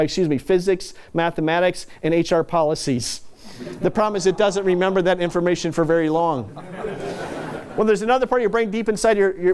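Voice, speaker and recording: Male keynote speaker, chatty storyteller, slightly high voice. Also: a little mellow, smooth. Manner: conversational, anecdotal, self-deprecating asides. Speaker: corporate speaker.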